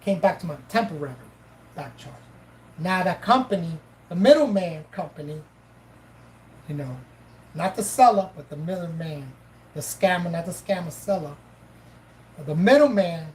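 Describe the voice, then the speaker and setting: Woman, low voice, casual storyteller, profane, acts out dialogue. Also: normal speed, long pauses, a little hiss or hum, low-quality recording. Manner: profane, animated, acts out both sides of dialogue. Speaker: live-stream host.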